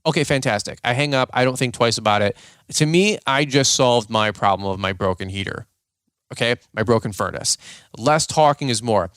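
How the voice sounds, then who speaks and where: Casting note: male host, blunt and animated, smooth clear voice, dry close recording. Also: medium pitch, fairly quick, dry recording. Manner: blunt, animated, repeats points with fillers. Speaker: podcast host, lawn business owner. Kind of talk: casual advice talk.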